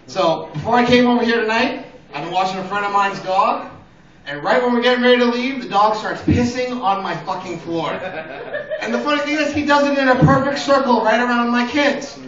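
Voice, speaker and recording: A man works a small open-mic stage with crude, rambling stand-up, now and then acting out voices. His voice sits high and bright. The lo-fi recording catches him from a distance in a roomy space. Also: brisk. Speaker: stand-up comedian.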